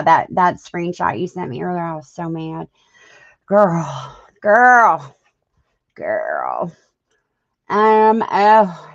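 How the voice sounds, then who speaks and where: A woman hosts a casual live stream in a low, gravelly voice, unhurried and full of ums and restarts as she answers her chat. The audio is dull and lo-fi. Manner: hesitant, many ums and restarts, talks to chat. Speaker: livestream host.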